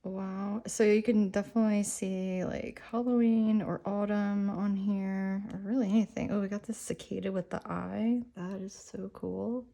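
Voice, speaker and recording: A woman chatting excitedly in a casual vlog about nail art, filling her talk with "like" and "um.". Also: mid-range voice, moderate pace, vocal fry, few pauses. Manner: bubbly, enthusiastic, lots of "like" and "um".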